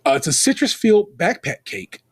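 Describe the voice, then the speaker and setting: Animated, husky-voiced American man podcaster. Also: high voice, fairly quick. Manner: animated, playful, Southern-leaning slang like y'all. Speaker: podcast co-host. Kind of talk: casual chat recapping a baking show.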